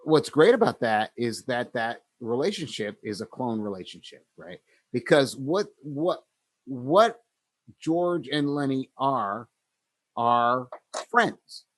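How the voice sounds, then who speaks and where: A man's voice: medium pitch, sing-song, slow pace, no echo. A man co-hosting a podcast, retelling story scenes in a casual way and acting out the characters' lines. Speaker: podcast co-host.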